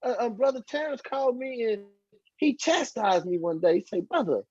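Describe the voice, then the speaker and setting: Speaking at a normal speed with lively intonation, the man has a very high voice with a darkish tone and a breathy edge. He's a podcast guest sharing his life story casually and voicing the people in it. The audio is dull, lo-fi and dry, without echo.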